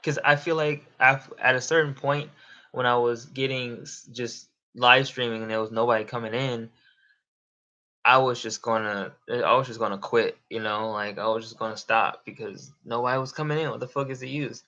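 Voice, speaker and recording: A man's voice: medium pitch, fairly even intonation, moderate pace, sharp tone, dull audio. A young man chatting casually on a live stream, rambling and swearing, often laughing. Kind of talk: casual livestream chat.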